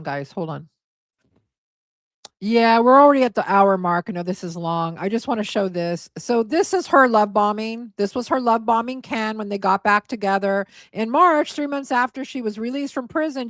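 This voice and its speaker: A woman's voice: a little high, no echo. A woman in her forties hosting a casual live stream, chatty and blunt, scornful as she reads viewer comments aloud. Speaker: host.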